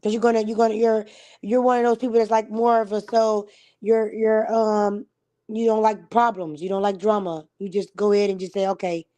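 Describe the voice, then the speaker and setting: A woman's voice: mid-range voice, level tone, brisk, mellow, no echo. Blunt, profane woman, dry sound. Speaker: livestream host. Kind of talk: casual chat on a livestream.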